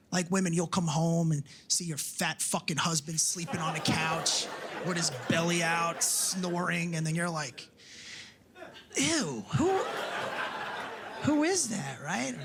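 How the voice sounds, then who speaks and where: A middle-aged man doing a brash, profane stand-up routine on a club stage, acting out voices as he tells the story. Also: a little high. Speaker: stand-up comedian. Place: comedy club stage with laughing audience. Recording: live club recording with audience noise.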